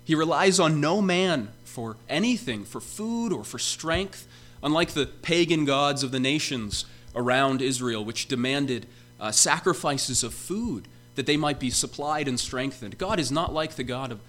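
A man preaching a sermon, who lifts his voice for emphasis on repeated calls and then drops it low and slow. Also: expressive, a bit bright, faint music behind.

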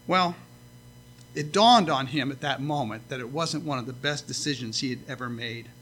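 A man's voice: mid-range voice, moderate pace, a bit bright, a little hiss or hum. A man preaching a sermon, reading scripture and explaining it in an earnest way, lifting his voice to stress key lines.

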